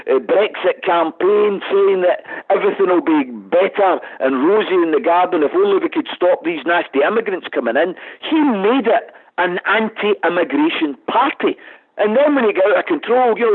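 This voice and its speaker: Scottish male guest calling in by phone, husky voice, fiery and combative delivery. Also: high-pitched. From Scotland. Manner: impassioned, combative, rising to emphatic outbursts. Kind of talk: radio phone-in interview. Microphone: phone line. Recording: tinny phone line.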